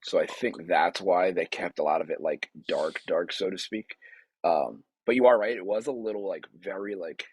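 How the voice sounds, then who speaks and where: A man's voice: low-pitched, normal speed, a little mellow, breathy edge, no room sound. A young man co-hosting a podcast, chatting easily about a film and laughing often. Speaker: podcast co-host. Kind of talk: casual film review chat.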